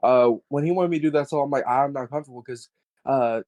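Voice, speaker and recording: A man's voice: medium pitch, quick pace, darkish tone, no echo. A young man in casual chat, rambling and hesitant with lots of fillers.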